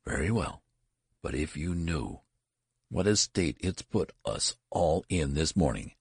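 A man voicing a stern, contemptuous female nurse who speaks in a hushed, severe way. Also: rumbling low, animated, a little slow, breathy edge, dry recording, clean studio sound, full character voice.

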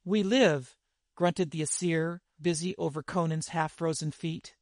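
A man narrating a dramatic adventure story in a measured, deliberate reading style. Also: fairly high pitch, flat delivery, a little mellow, no room sound, studio quality. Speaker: audiobook narrator.

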